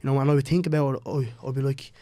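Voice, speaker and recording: A man's voice: mid-range voice, fairly even intonation, racing, mellow, no echo. A young Irish man speaking as a guest, chatting loosely with lots of "bro" and "you know what I mean". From Ireland. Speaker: guest, cage fighter. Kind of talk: casual podcast chat.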